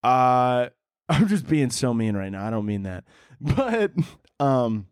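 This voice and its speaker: A man's voice: mid-range voice, sing-song, takes it slowly, darkish tone, clean tone, dry recording, clean studio sound. A young man hosting his own podcast solo, rambling in a profane, self-mocking way and laughing often at his own jokes. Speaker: podcast host. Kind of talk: casual comedic podcast monologue.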